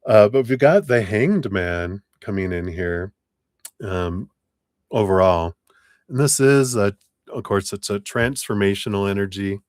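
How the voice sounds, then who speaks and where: A man's voice: lowish voice, a little slow, no room sound, studio quality. A man giving a live-stream tarot reading in a chatty, laughing, rambling way. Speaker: tarot reader. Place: home room with air conditioner.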